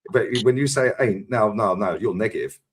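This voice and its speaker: A man's voice: on the low side, animated, brisk, a little hiss or hum. A man co-hosting a live stream, giving opinionated, sweary banter. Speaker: stream co-host. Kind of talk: casual live-stream chat.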